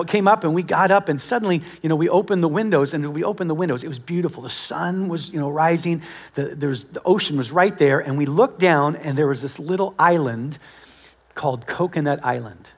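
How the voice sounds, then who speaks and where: A man with a notably high voice preaches to his congregation at a church service. He tells stories in an animated, conversational way and often turns to speak right to the people in front of him. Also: a little fast, breathy edge. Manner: animated storytelling with acted-out quotes; conversational, talks directly to the congregation. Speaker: pastor. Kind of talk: sermon.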